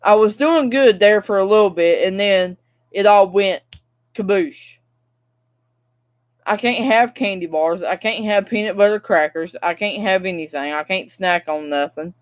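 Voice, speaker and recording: A woman's voice: mid-range voice, a little slow. A young woman, vlogging and venting in a rambling, frustrated way straight to her viewers. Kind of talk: casual vlog rant.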